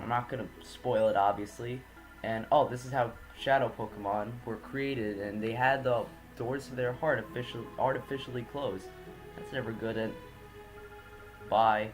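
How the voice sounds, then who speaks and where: A man from New York talks through a video game in casual, rambling commentary, often correcting himself and swearing offhand. His voice sits at an ordinary middle pitch. Faint game music plays underneath. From New York, United States. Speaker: let's play host.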